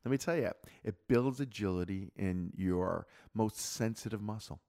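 A middle-aged man co-hosting a casual podcast chat, an animated storyteller who acts out vocal exercises as he talks. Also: lowish voice, moderate pace, vocal fry. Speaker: podcast co-host.

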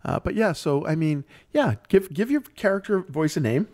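A man's voice: a little high, sing-song, normal speed, darkish tone. A man hosting a podcast, an improv performer chatting casually with a wry, joking manner. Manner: wry, joking, drifts into anecdotes. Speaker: podcast host. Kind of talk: casual chat.

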